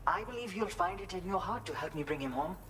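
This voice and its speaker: A man's voice: high voice, quick pace, a crowd in the background, lightly acted. An actor with an Indian accent playing a worried young man in a video game who earnestly pleads for help finding his missing father. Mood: pleading. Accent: Indian English. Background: game music.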